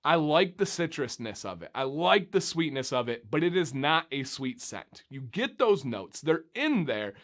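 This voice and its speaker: A young man from Michigan reviewing beard oils in a casual, animated vlog, talking straight to viewers. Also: fairly high pitch, moderate pace, hardly any pauses. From Michigan, USA.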